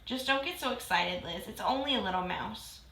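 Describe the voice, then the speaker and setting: Woman doing a calm, easygoing husband. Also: medium pitch, gravelly. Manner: soothing and unhurried. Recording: roomy echo.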